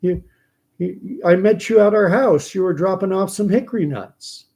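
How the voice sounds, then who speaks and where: A man's voice: moderate pace, mellow. A man voicing an earnest, chatty little girl while retelling a story. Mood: eager. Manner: high, eager, childlike.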